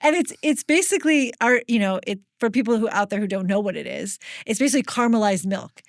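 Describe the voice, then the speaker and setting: A woman's voice: medium pitch, lively intonation, fast, dry recording, studio quality. An American woman hosting an interview podcast, chatting with enthusiasm and laughing often, then reading a scripted outro. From United States. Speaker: podcast host.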